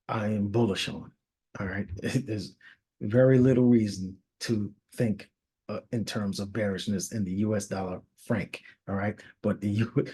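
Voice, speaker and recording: Husky guy going over trading charts, chatty, keeps saying all right?, fixes his slips as he goes. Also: on the low side, a little mellow. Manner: conversational, keeps asking "all right?", self-correcting. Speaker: forex market analyst. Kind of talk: casual chart walkthrough.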